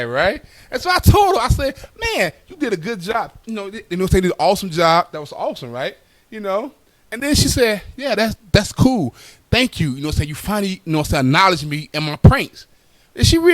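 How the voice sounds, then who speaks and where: A young adult man telling a stand-up story in loose, casual talk full of fillers, animated and laughing at his own jokes. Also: high voice, no room sound. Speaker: stand-up comedian.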